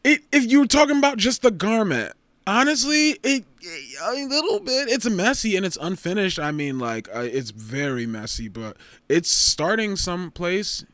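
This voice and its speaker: A man hosting a fashion review show, talking in a sassy, swearing, animated way with sudden jumps up in pitch. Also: normal speed, dry recording. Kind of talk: casual commentary.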